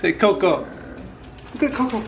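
Playful young dad vlogging at home. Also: male voice, high voice, animated, moderate pace, vocal fry. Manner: playful, teasing. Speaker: family vlogger, father. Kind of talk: casual family vlog. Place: family home. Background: baby crying, household noise.

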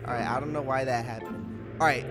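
A young man commentating his gameplay, animated and slangy, reading chat lines aloud. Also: medium pitch, a little fast, over music. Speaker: gaming YouTuber.

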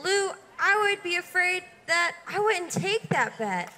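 A woman acting a gentle young woman in a church stage drama, soft and mock-sad. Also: very high-pitched, big pitch swings, a little slow, heavily acted. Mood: plaintive. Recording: reverberant hall sound.

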